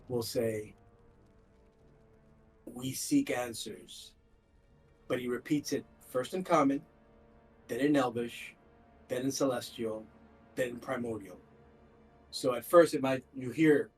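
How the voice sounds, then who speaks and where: A man's voice: mid-range voice, distant mic, poor audio. A man playing a tabletop game, describing his character's actions in a loose, casual way. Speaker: player.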